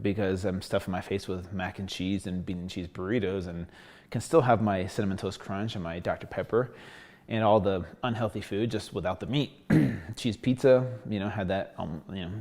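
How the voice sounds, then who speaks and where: A man talking candidly in a casual video diary, rambling with lots of fillers and sounding short of breath. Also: medium pitch. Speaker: fitness vlogger.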